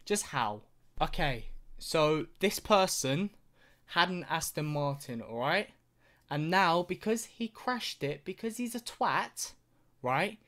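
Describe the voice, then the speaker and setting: A man's voice: a little high, lively intonation, takes it slowly, fairly bright tone. A young man ranting through a reaction video, swearing constantly and mocking what he sees.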